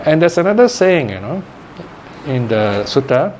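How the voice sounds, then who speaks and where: A man's voice: a little high, big pitch swings, a little slow, darkish tone, a little hiss or hum. A man giving a Buddhist Dharma talk in a conversational teaching manner, often checking in with "okay?" and "right?".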